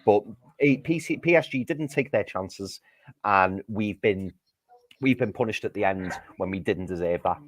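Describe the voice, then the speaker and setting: A man's voice: on the low side, normal speed, no room sound. A man ranting furiously after a football match on a livestream from his living room, swearing and repeating himself for emphasis. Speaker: football podcast co-host. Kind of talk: heated post-match fan chat on a livestream.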